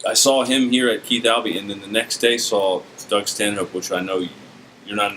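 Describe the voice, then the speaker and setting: A man's voice: fairly low pitch, steady tone, moderate pace, pushed and bright, slight background noise, poor audio. A man from West Virginia chatting casually as a podcast guest and comedian, joking and laughing often. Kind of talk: casual chat.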